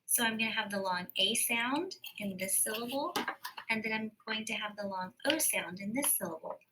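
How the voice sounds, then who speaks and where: A woman teacher giving a recorded phonics lesson, slowly and carefully sounding out words. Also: on the high side, noisy background.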